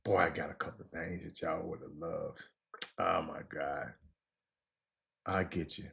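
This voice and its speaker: Middle-aged male sports talk host, bright forceful tone, animated shout-outs. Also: sits low, measured pace, gravelly, a little hiss or hum. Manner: animated, repeats himself, shouts out listeners. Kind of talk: casual call-in sports talk.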